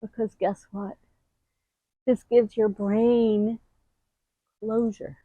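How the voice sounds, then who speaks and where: Middle-aged woman, earnest and emotional grief-advice host, slow unhurried delivery, dry close sound. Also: no echo, phone-quality sound. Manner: earnest, emotional, expressive, with sudden high bursts. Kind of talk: heartfelt talking-to-camera advice.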